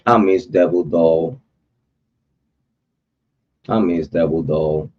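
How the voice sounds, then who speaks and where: A very low-voiced man drawls through a casual livestream, unhurried and repetitive, full of slang and heartfelt shout-outs. The sound is dull and lo-fi, like home stream audio. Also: a little hiss or hum. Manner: loose, repetitive, heartfelt slang-filled rambling. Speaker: true crime livestream host.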